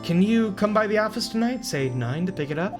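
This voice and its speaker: Man reading calm lady lawyer lines, soft and even, game music on. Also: high voice, a little fast, voice pushed up. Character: calm young woman lawyer, gentle and composed.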